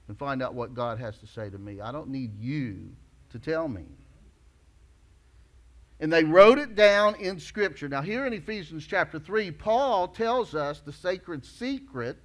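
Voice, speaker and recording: A male pastor preaching a sermon emphatically, rising to loud declarations and dropping low.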